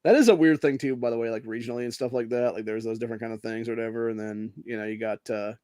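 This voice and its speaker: A man's voice: mid-range voice, steady tone, very fast, darkish tone, dry recording. Swearing, rambling man with a dry mic. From Ohio. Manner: swears constantly, rambling, says dude and bro. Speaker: podcast host. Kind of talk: profane rant and casual monologue.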